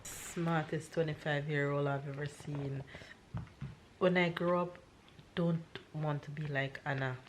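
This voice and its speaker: A woman's voice: sits low, fairly even intonation, unhurried, a little hiss or hum. A Jamaican woman in her thirties, a mother narrating a casual family vlog from her kitchen, playfully quizzing her kids in a sing-song way. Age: 30s. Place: home kitchen.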